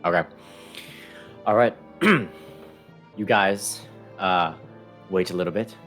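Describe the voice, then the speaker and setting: A man's voice: fairly low pitch, very animated, takes it slowly, gravelly, fairly bright tone, faint music behind. A man narrating a tabletop game as game master, hesitant, with many ums and restarts.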